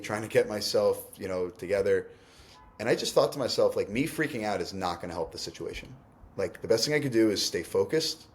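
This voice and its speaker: A man's voice: lowish voice, a little mellow. A man, a company CEO, speaking candidly and reflectively in a conversational interview, often restarting sentences and filling with "like". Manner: candid and reflective, fast bursts with frequent restarts and "like".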